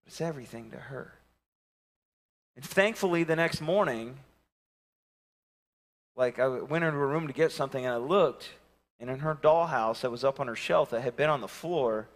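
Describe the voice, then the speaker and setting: Bright-voiced, animated pastor. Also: male voice, medium pitch. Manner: animated storytelling, acting out voices. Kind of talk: sermon with personal stories. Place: church sanctuary.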